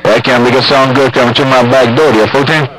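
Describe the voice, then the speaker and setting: A man's voice: medium pitch, steady tone, fairly quick. A man from Florida chatting playfully over CB radio, joshing with other operators by call sign. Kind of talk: casual radio chat. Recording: static-filled radio transmission. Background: radio static.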